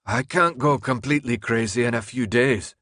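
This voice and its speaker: A man's voice: medium pitch, moderate pace, a bit bright, no room sound, clean studio sound, natural voice. A man reading an audiobook, voicing a sick, bitter teenage boy with a hurt, resentful manner.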